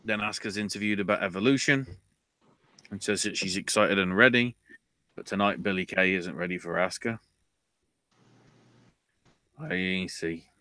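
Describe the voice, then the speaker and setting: A man's voice: sits low, moderate pace, pauses often, sharp tone, no room sound. A man hosting a podcast, recapping wrestling in a casual way with offhand, wry asides. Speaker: podcast host.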